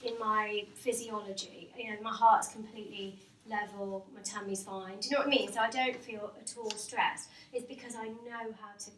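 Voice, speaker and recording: A woman's voice: mid-range voice, fairly even intonation, normal speed, few pauses, a bit bright. A woman, a hypnotherapist, giving an informal talk to office staff. She is chatty, laughs often and asks the room questions. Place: company meeting room with a live audience. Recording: roomy and distant, faint background noise.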